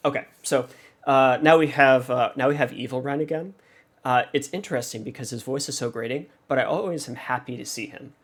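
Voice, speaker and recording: A man hosting a reaction video, working through a song in casual analysis. He thinks aloud hesitantly, with many pauses and fillers. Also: mid-range voice.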